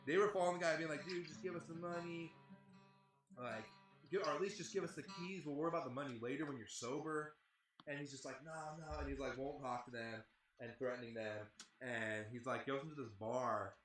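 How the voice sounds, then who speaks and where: Dude rambling through a crazy tour story, tons of "like" and cussing, roomy echo. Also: male voice, medium pitch, fairly quick, a bit bright, soft background music. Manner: rambling, heavy swearing, lots of "like". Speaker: band member telling a tour story. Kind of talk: casual storytelling chat.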